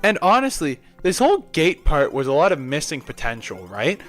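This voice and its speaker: A young man with a fairly high voice narrates his way through a video game, blunt and opinionated, dropping crude jokes in passing. Soft game music plays underneath. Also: wildly swooping pitch, moderate pace. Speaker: gameplay narrator. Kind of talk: casual gameplay narration.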